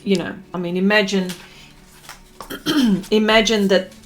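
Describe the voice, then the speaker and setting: A woman's voice: medium pitch, fairly even intonation, takes it slowly, faint music behind. An Australian woman hosting her art livestream, chatting casually and greeting viewers by name. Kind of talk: casual live-stream chat. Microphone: desk microphone.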